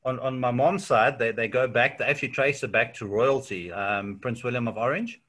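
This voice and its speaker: South African man, interview guest, bright voice, relaxed filler-laden storytelling. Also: medium pitch, normal speed. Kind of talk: casual chat.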